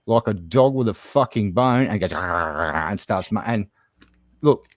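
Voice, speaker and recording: A man's voice: on the low side, moderate pace, no echo, studio quality. A man guesting on a casual online chat show, telling a story bluntly and with lots of swearing.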